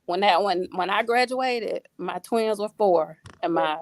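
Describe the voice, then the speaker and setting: A woman's voice: mid-range voice, a little slow, no room sound. A woman guest on a faith talk show, a single mother, speaking with a preachy, repeating style full of restarts.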